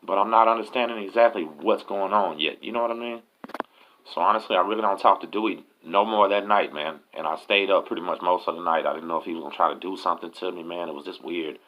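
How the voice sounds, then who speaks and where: A man's voice: low voice, fast. A man casually telling a story, profane and full of streetwise slang. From Galveston, Texas. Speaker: host telling prison stories. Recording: dull lo-fi audio.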